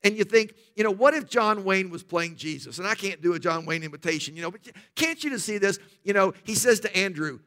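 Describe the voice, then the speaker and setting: A man's voice: high voice, lively intonation, a little fast, pushed and bright. A man preaching a sermon, telling stories emphatically with humorous asides.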